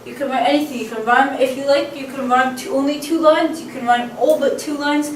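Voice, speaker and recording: A woman's voice: high-pitched, fairly even intonation, brisk, distant mic. Chatty woman teaching in an echoey room. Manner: chatty, many ums and uhs, chants stress patterns. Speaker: poetry teacher. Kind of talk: casual lecture. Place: room with a camcorder. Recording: echoey room, voice away from the mic, faint background hum.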